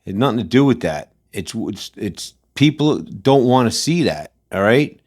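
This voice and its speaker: A man's voice: on the low side, sing-song, moderate pace, a little mellow. Blunt, combative male commentary host. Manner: blunt, combative, slangy, repeats himself. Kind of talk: casual commentary rant.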